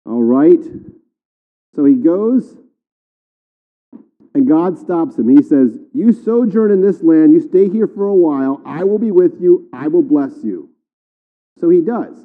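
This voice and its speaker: A man preaches in a folksy, conversational manner, checking in with his listeners as he goes. His voice sits a bit high. It comes through thin and phone-like, with a long reverb trailing off the hall. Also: lively intonation, unhurried, pauses often. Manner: folksy, conversational, asks "all right?" often. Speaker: pastor. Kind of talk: sermon.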